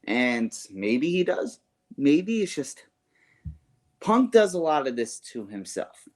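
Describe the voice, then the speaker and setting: A man's voice: on the high side, big pitch swings, slow. Rambling, laid-back podcast co-host man. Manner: rambling, filler-heavy, slang like "bro" and "yo". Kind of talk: casual wrestling podcast chat.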